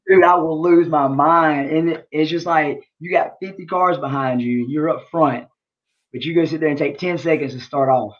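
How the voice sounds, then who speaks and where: A man's voice: fairly high pitch, steady tone, normal speed. A man chatting as a guest on a podcast, easygoing and joking. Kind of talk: casual podcast chat. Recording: dull lo-fi sound.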